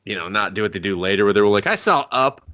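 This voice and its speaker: A man's voice: lowish voice, little pitch movement, very fast, a bit bright. A man co-hosting a movie review podcast, joking sarcastically and laughing often in casual chat.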